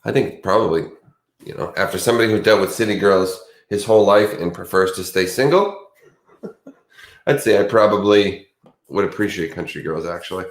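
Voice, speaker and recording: A man with a deep, low voice talks in a loose, rambling way, often restarting his sentences as he reflects out loud. His voice rings in a roomy, echoey space. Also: normal speed. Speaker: podcast co-host. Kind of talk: casual chat.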